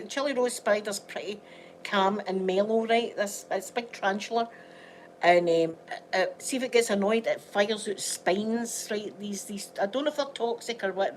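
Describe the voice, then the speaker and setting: A woman's voice: medium pitch, slight background noise. A woman with a Scottish accent, unwell, chatting casually and rambling in a home vlog. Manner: chatty, rambling, laughs often. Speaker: vlogger.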